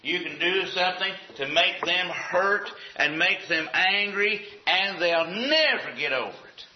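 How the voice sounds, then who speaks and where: A man's voice: sits high, lively intonation, unhurried, a little hiss or hum. A man preaching a sermon with an emphatic, repetitive cadence. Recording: echoey, dull lo-fi room sound.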